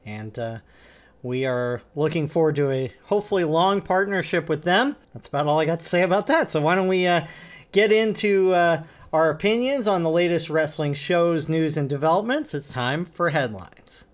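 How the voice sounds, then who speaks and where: A man co-hosting a casual podcast, easygoing and hedging his opinions with a halting delivery. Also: a little high, lively intonation. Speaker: podcast co-host. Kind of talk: casual wrestling podcast chat.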